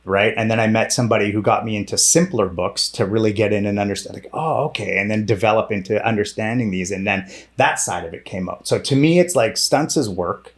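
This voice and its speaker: A man's voice: lowish voice, a little fast, few pauses. A middle-aged man speaking bluntly as a podcast guest, swearing freely and restarting his sentences often. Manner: blunt and profane, full of fillers and restarts. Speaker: podcast guest, director and former stunt performer. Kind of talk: candid interview conversation.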